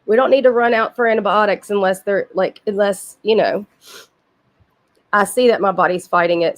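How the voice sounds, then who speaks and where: Woman livestreamer, under the weather and sniffly, blunt and chatty, middling pitch. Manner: blunt, profane, chatty with frequent asides. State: sick with a cold, sniffling. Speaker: livestream host. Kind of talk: casual chat with live chat viewers.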